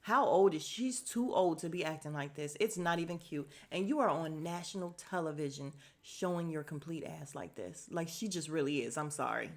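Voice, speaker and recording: A woman's voice: low-pitched, normal speed, few pauses. A woman hosting a casual podcast, recapping a reality show bluntly and swearing freely. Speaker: podcast host.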